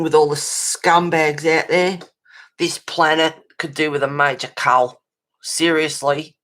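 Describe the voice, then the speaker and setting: A low-voiced Australian woman hosts a colouring livestream in a casual chat. She rants bluntly and swears freely, breaking off to answer chat messages. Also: a bit bright. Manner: reacts to chat messages with laughs.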